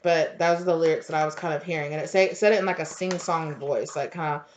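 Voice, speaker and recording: A woman's voice: deep voice, steady tone, fast, a little mellow. A woman giving a casual spiritual tarot reading, rambling with lots of fillers and restarts. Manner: rambling, filler-heavy, conversational. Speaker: tarot reader. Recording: dull lo-fi audio.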